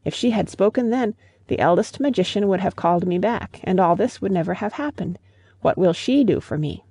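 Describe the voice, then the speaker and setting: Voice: medium pitch, expressive, a little fast, a little mellow, husky, dry recording, clean studio sound. A reader voicing Pau Ama, a bargaining little crab. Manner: bargaining, then boastful. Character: proud soft-shelled crab shrinking to a tiny green crab.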